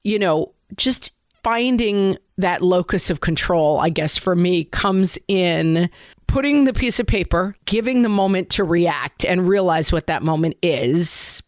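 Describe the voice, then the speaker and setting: Lower-pitched woman, reflective podcast co-host. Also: no room sound, studio quality. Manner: reflective, thinks aloud with many "like" fillers. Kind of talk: casual conversational chat.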